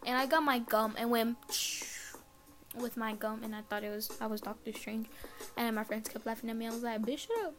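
A woman's voice: fairly high pitch, level tone, fast talker. A teenage girl chatting alone on her podcast from her bedroom, rambling and swearing casually. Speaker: podcast host. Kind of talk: casual solo podcast chat.

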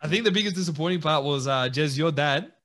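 A man co-hosting a podcast, telling a story in a casual, animated way and laughing often. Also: on the high side, quick pace. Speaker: podcast co-host.

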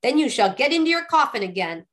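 A woman voicing a fearless, naive young man, bright and unbothered in every reply. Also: high voice, sing-song, fast talker. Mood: cheerful, unbothered.

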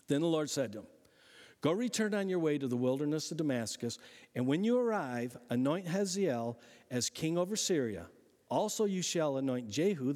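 A man preaching a sermon as a pastor, conversational and animated, asking the listeners rhetorical questions as he reads and explains scripture. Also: fairly high pitch, in a large hall.

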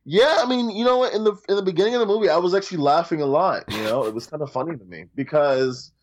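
A man reviewing a movie in casual chat, blunt and slangy, with quick asides. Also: a little high, muffled recording.

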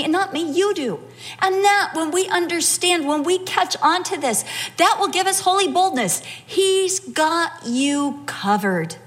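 A middle-aged woman preaching a sermon, telling a personal story with animated, acted-out quotes. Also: high voice.

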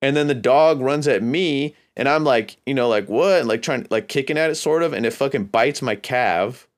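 A man's voice: mid-range voice, moderate pace. A man from California hosting a podcast, telling a long, rambling, profane story in a casual, laid-back way. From California, USA. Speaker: podcast host.

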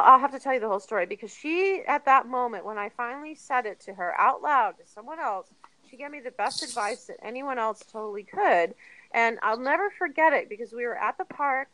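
Brief: woman in her thirties, earnest and chatty guest, bright tone, fairly high voice. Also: dry recording, rough recording. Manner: earnest, chatty, animated retellings with laughs. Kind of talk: candid personal storytelling.

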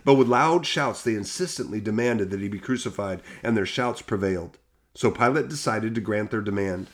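A man reading Bible passages aloud in a steady, measured way, lightly voicing the quoted lines. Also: lowish voice. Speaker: scripture reader.

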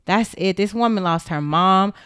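A woman's voice: mid-range voice, moderate pace, fairly bright tone, smooth, no echo, studio quality. A young woman giving an impassioned, indignant monologue straight to the camera, blunt and emphatic, with swearing.

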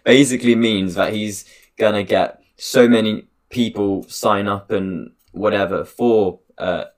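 Low-voiced young man, rambling. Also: steady tone, measured pace. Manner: rambling, hesitant, laughing often. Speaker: podcast host. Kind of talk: casual chat.

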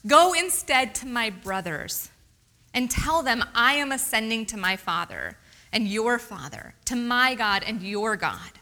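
A woman preaching a sermon, reading scripture aloud and asking the congregation questions in an expressive way. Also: fairly high pitch, unhurried. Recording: reverberant hall.

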